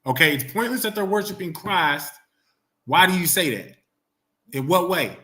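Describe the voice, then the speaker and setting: Teaching scripture to a class, this man coaxes responses with questions, says things more than once, and reads the text slowly and carefully. He speaks high, animated, with a bright and forceful tone.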